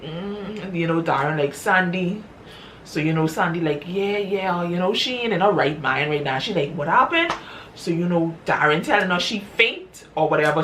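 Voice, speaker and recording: A woman casually retelling a story she wrote, chatty and drawn-out, often calling her listeners y'all. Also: lowish voice, bright, forceful tone, a little hiss or hum. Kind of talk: casual spoken story recap.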